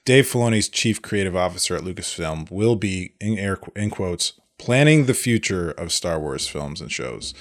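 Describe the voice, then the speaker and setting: Animated man with a low voice. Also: moderate pace, hardly any pauses. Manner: animated, restarts often, acts out quotes. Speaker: podcast co-host. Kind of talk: casual chat.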